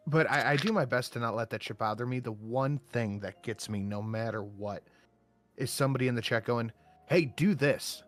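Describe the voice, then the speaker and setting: A man's voice: mid-range voice, a little fast, a bit bright, soft background music. A man co-hosting a livestream, talking casually and bluntly, with plenty of swearing. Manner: blunt, profane. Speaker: co-host.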